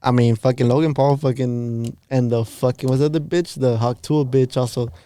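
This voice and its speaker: A man's voice: medium pitch, steady tone, normal speed, mellow, dry recording. A young man from Los Angeles co-hosting a podcast, rambling through stories in slangy, casual chat and laughing often. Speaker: podcast co-host.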